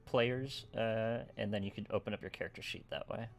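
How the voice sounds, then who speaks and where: A man's voice: on the low side, fairly even intonation, brisk. A man running a tabletop game as game master, narrating casually with many fillers and frequent "right?" check-ins.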